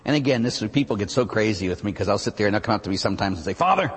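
A man, a Catholic priest, preaching a sermon in a church, animated and conversational, with lots of rhetorical questions. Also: lowish voice, racing, husky. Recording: long reverb of a church hall.

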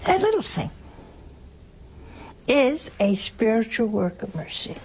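A woman's voice: fairly high pitch, big pitch swings, slow pace, darkish tone, breathy edge. A woman giving a sermon-style teaching talk, with teasing humor and many rhetorical questions. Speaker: religious teacher.

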